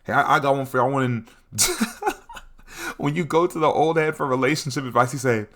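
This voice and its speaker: Brief: young adult male vlogger, animated comedic storyteller, bright voice. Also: medium pitch, a little fast. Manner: animated, laughing, repeats catchphrases.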